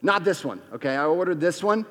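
A man with a high voice delivers a lively, conversational sermon, slipping into the voices of the people in his story. His words ring out with a long reverb, as in a large church auditorium. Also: a little fast. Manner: energetic, conversational, acts out quotes. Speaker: pastor.

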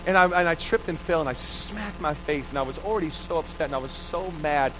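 A pastor in his thirties delivers a sermon in a rather high, fairly quick voice over background noise. Animated, he recounts a childhood story while acting out its voices, then presses the congregation to respond aloud.

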